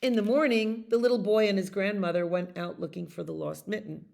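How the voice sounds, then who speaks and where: A woman's voice: mid-range voice, fairly even intonation, fairly quick, gravelly, a little mellow. A woman reading a bedtime picture book aloud as a library storyteller, soothing and asking her listeners questions.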